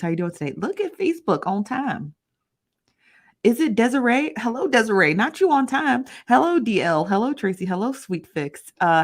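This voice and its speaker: Chatty woman hosting a live stream. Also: lowish voice. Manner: chatty and playful, greets viewers by name; conversational asides and rhetorical questions. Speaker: host of a live gossip stream. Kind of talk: casual live-stream commentary.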